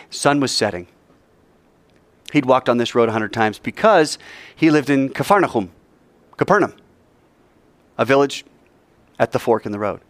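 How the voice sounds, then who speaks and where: Speaking at a school chapel, a man of medium pitch preaches to students. The recording has no room sound. He's lively and conversational, telling a story and putting questions to his listeners.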